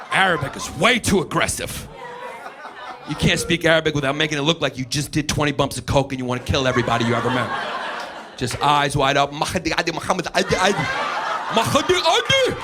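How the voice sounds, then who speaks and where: A middle-aged man from the United States doing a live stand-up set, ranting brashly and profanely with loud mocking impressions, on a comedy stage with a handheld mic. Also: mid-range voice. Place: comedy stage before a laughing audience. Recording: noisy live club recording.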